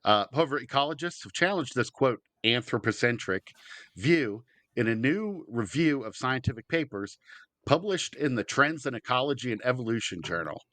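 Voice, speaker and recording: A man's voice: mid-range voice, lively intonation, normal speed, fairly bright tone, no echo. A man co-hosting a comedy podcast, reading out news stories and laughing easily. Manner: laughs easily, reads headlines aloud. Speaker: podcast co-host.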